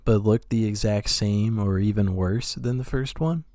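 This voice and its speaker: A man's voice: on the low side, a little slow, warm tone, no room sound, studio quality. A young man co-hosting a podcast, tossing in short joking quips and laughing often. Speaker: podcast co-host. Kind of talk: casual chat.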